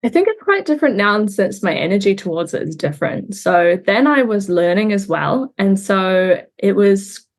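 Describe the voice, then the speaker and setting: Young woman guest, earnest and reflective, measured conversational delivery. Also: mid-range voice, sing-song. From New Zealand. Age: young adult. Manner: reflective, earnest, pauses and restarts while recounting. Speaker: interview guest. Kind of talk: candid conversational interview.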